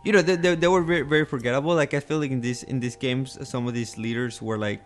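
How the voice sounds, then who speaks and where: This podcast co-host speaks fast at a medium pitch with fairly even intonation. Chatting casually, he muses hesitantly, restarting sentences and filling gaps with filler words.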